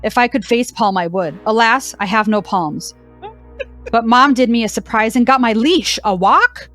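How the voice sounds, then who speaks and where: A woman's voice: fairly high pitch, moderate pace, fairly bright tone, soft background music, lightly acted. A woman voicing a sassy, dramatic deaf female cow dog, reading her diary with a dry, mock-dramatic delivery.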